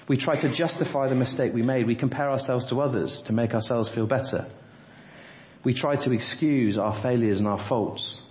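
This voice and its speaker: A man preaches in a church, moving from a lively story to earnest rhetorical questions. His voice echoes around the room, and the recording is muffled and dull. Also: mid-range voice. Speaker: pastor. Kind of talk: sermon.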